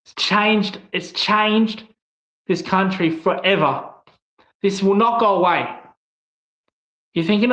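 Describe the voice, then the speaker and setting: A man's voice: high voice, slow pace, long pauses, pushed and bright. A man with an Australian accent giving a blunt, angry opinion monologue, swearing often as he talks. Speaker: online commentator. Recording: echoey, slightly dull room sound.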